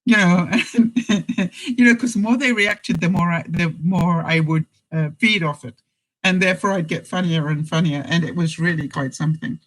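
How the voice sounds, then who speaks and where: A woman's voice: fairly low pitch, moderate pace, a bit bright, poor audio. Chatty woman vlogger. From Canada. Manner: chatty and blunt, laughing often. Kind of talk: casual live chat to viewers.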